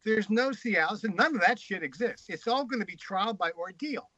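Male guest storyteller, high bright voice, frank and crude, slightly muffled dry recording. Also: animated, moderate pace, no echo. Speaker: guest author. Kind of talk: casual anecdotal storytelling.

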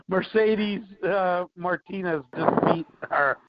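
A man co-hosts and speaks very slowly, hesitating and trailing off between words. His voice sits a little high. The recording is dry and dull. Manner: halting, unsure, trails off. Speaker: co-host.

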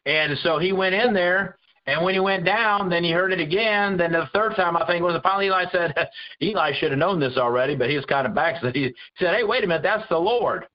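A man's voice: sits high, brisk. A man teaching a Bible study in a conversational preaching style, earnest and full of restarts and repeated words. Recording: dull lo-fi recording.

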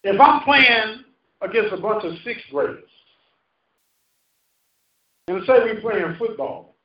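High-voiced man preaching in a roomy church. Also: animated, slow pace. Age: 50s. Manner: call-and-response preaching, rising and falling emphasis. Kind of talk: sermon. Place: church sanctuary. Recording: roomy muffled church recording from a distance.

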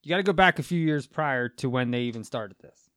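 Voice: medium pitch, lively intonation, fairly quick, fairly bright tone, no echo, clean studio sound. A podcast co-host in casual chat, insistent, cutting in to correct and explain.

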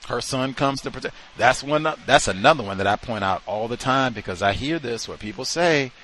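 A man's voice: mid-range voice, expressive, brisk, pushed and bright, a little hiss or hum. A man hosting a talk show, speaking off the cuff in a conversational way, with slang and fillers. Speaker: radio talk show host. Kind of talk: unscripted talk monologue.

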